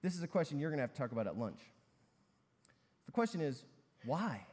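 A man's voice: fairly high pitch, sing-song, fairly quick, a little mellow. A man preaching a sermon, talking conversationally and telling a story with many fillers. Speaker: pastor. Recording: long reverb in a large hall.

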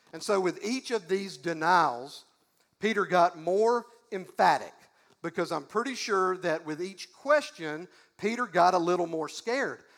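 Guy preaching a sermon, pretty high voice, folksy and emphatic, lots of repeated questions. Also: fairly bright tone. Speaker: pastor.

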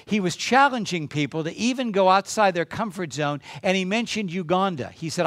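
A man's voice: high-pitched, a little fast, hardly any pauses, a bit bright, no echo, studio quality. A man preaching as a guest to a congregation, telling a story and then urging listeners on with emphatic exhortation. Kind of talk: sermon.

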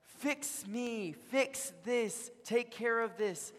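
A preacher playing a frantic dying criminal. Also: male voice, extremely slow, full character voice. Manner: screaming, pleading, high and strained. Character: desperate dying male criminal begging for rescue. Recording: long hall reverb.

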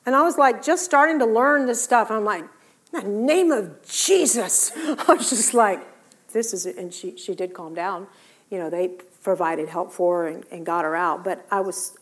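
A woman gives a sermon in which she narrates Bible stories energetically and takes on the voices of the characters. Her voice is mid-range.

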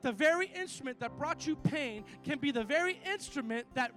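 A man with a strikingly high voice preaches a sermon. He tells personal stories with energy and calls his congregation to respond. Faint music plays beneath him. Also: fairly quick. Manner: animated storytelling with call-and-response. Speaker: pastor.

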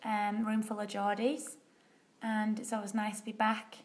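A woman's voice: mid-range voice, monotone, moderate pace. A woman from northeast England co-hosting a casual chat, with dry, teasing humour. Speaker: podcast co-host.

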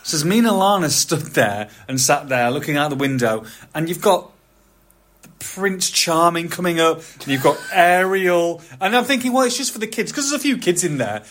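A man, hosting a podcast in a chatty, animated storytelling way. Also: fairly high pitch, moderate pace. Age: 40s. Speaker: podcast host. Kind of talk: casual chat.

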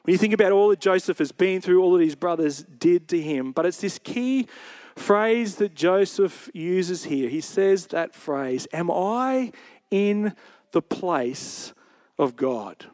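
High-voiced male pastor preaching. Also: unhurried, darkish tone. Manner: conversational storytelling, retelling scripture in his own words. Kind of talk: sermon. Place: church service.

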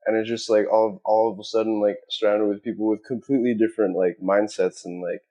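A man's voice: on the low side, flat delivery, fairly quick, dark tone. Chatty young man from Queens. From Queens, New York. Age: young adult. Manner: chatty, heavy on fillers like "like", laughs easily. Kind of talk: casual podcast chat.

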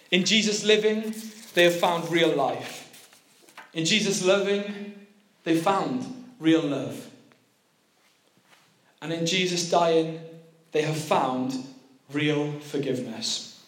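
A man's voice: a little high, expressive, takes it slowly, long pauses, fairly bright tone. A man giving a sermon as a preacher and prison youth worker, telling stories earnestly and repeating phrases for emphasis. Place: church. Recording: echoey church room.

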